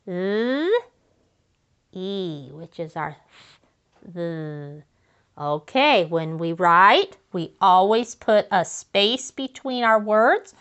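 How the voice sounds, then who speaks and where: A woman teaching young children to write sentences, sounding out letters slowly and praising them. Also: on the low side, fairly bright tone, clean tone, dull audio. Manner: slow and encouraging, sounding out letters. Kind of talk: early-grade writing lesson to children.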